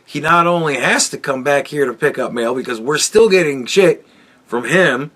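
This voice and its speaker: A man's voice: fairly high pitch, moderate pace, a bit bright. A man hosting a podcast, telling a rambling, profane story in a casual monologue. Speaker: podcast host.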